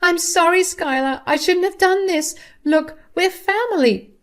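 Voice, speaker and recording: Lady doing a manipulative older mother-in-law, wailing, squeaky high, begging. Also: a little slow. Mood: pleading, wailing.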